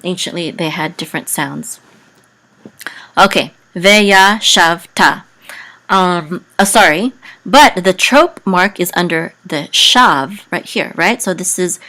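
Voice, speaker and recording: Slow, low-voiced woman teaching. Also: fairly bright tone, low-quality recording. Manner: hesitant, many ums, chants words high and drawn out. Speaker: Hebrew teacher. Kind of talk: slow spoken lesson with chanted words.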